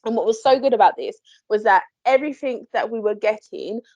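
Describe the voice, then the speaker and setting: A woman, a paranormal investigator, telling a story in a chatty, animated way on a podcast, quick to laugh. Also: on the high side, no room sound. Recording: dry, slightly muffled podcast audio.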